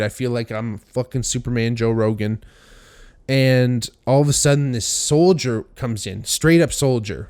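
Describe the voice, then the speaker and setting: A young man spins a casual podcast story in an animated, profane way, acting out the lines of the people in it. His voice sits at an ordinary middle pitch for a man. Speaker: podcast host.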